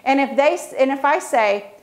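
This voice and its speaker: A woman photographer giving a casual tutorial, chatty and lively as she acts out how kids react. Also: high-pitched, normal speed. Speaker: children's portrait photographer.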